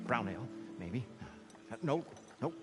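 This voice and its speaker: A grumbling money-minded partner in a video game, sardonic and sighing. His pitch swings widely at a slow pace, over loud game music. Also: big pitch swings.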